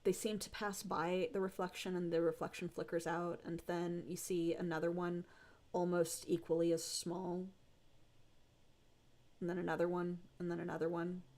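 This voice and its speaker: Low-voiced woman narrating as game master. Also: little pitch movement, darkish tone. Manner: descriptive, unhurried with frequent fillers.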